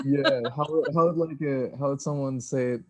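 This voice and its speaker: A man's voice: medium pitch, fairly even intonation, moderate pace, dry recording. A man filmmaker on a video call panel, answering candidly and a bit sheepishly, laughing as he talks.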